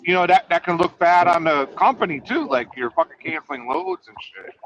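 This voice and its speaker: A man with a high voice hosts a loose, swearing chat about trucking, rambling and ribbing the people he talks with. The audio sounds dull and lo-fi. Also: lively intonation, a little fast, a bit bright, slight background noise. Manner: profane, rambling, teasing. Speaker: trucker and podcast host. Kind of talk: casual chat.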